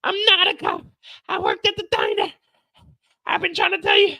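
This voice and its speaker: A man's voice: extremely high pitch, normal speed, vocal fry, pushed and bright, dry recording, pitched above the performer's own voice, heavily acted. A man voicing a frightened young woman who pleads and insists while fighting off an attacker during a TV recap. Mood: desperate.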